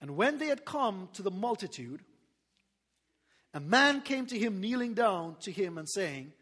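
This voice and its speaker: A man preaching a sermon as pastor, animated, laughing often and calling for responses from the congregation. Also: high-pitched, a little slow, long reverb tail.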